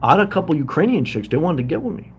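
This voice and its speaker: A man's voice: on the high side, big pitch swings, racing, a little mellow, slight background noise. Rambling man streaming live from a hotel. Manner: rambling, talks to viewers by name. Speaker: livestream host living in a hotel. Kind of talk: casual livestream chat reading comments. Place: hotel room.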